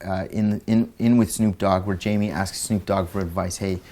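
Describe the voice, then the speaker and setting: A man's voice: low voice, fairly even intonation, normal speed, a little mellow. A man in an interview telling an anecdote, rambling with lots of fillers and laughing as he goes. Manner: acts out quotes in raised voices. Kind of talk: anecdotal storytelling.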